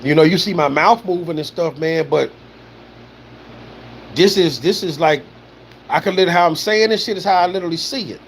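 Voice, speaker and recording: A man with a somewhat high-pitched voice talks casually on a livestream, drifting between points and filling gaps with "you know" and "man". He swears freely and answers viewer comments as he goes. A faint air-conditioning hum sits underneath. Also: brisk, pauses often. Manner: loose, rambling delivery, peppered with "you know" and "man", swearing.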